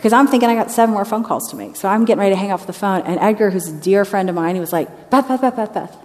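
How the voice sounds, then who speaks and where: A woman missionary telling a story in a sermon, lively and anecdotal, acting out the people in it. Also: mid-range voice, rapid-fire. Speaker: missionary speaker. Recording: long reverb of a large hall.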